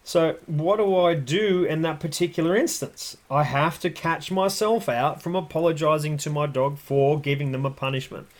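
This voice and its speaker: A man's voice: on the high side, moderate pace, few pauses. A man hosting a podcast, explaining dog training in a blunt, emphatic way. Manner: blunt, emphatic, acts out voices. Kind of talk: casual explanatory podcast talk.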